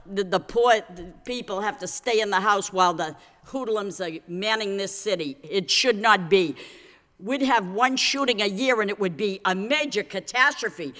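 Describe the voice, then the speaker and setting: A fired-up councilor with a bright, forceful voice, speaking from the floor of a council chamber. She repeats herself when worked up, and her words ring out with a long hall reverb. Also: medium pitch. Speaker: city councilor. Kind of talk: impassioned council floor speech. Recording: public meeting hall reverb.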